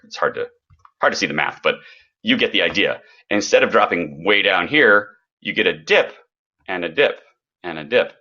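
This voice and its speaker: A middle-aged man with a lowish, bright-edged voice talks through slides in a live-streamed coaching session. He is animated and slips into quoted voices. The stream audio sounds slightly dull and lo-fi. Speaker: business coach.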